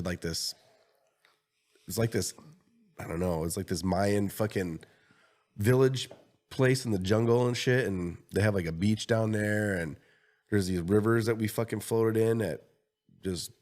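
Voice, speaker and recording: Man, podcast co-host, casual chat, laid-back, casual swearing, very deep voice. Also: darkish tone.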